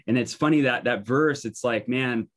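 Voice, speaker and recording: A man's voice: medium pitch, normal speed, a bit bright. A man giving a conversational Bible teaching, reading verses and explaining them informally with many fillers and restarts. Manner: informal, thinking aloud, frequent fillers and restarts.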